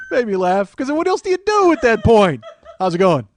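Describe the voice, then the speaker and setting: A man's voice: high-pitched, noisy background. A middle-aged man telling a comic story as a podcast host, ranting with frequent swearing and exasperation. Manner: profane, exasperated rant. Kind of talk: storytelling monologue.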